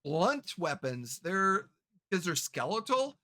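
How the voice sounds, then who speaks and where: A game master narrating a tabletop game in a halting way, with many fillers and restarts. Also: medium pitch, very animated, bright, forceful tone.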